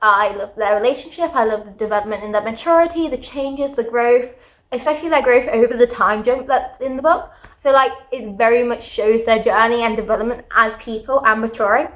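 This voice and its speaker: A woman giving a casual book review vlog, talking in an animated, exasperated rant. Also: on the high side, brisk. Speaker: book vlogger.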